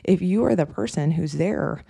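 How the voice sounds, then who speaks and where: Gravelly, mellow-voiced podcast coach. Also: medium pitch, animated, moderate pace, dry recording, studio quality. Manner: conversational, many fillers and tag questions. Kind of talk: casual podcast monologue.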